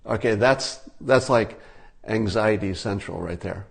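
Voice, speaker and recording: An older man talking casually, giving relaxed conversational advice and demonstrating tips as he goes. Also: on the low side, a little slow, vocal fry, slightly rough.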